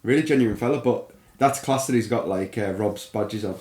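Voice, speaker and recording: A man's voice: fairly low pitch, normal speed, darkish tone. A young man, co-hosting a casual football podcast, chatty and full of "like" and "aye". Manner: chatty, says aye and like a lot. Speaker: podcast co-host. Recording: echoey room.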